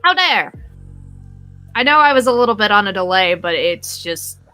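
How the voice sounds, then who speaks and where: A woman's voice: mid-range voice, animated, a little fast, bright, forceful tone, clean tone, soft background music. A woman playing in a tabletop game, chatting playfully and laughing often on a stream. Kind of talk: casual chat on a live stream.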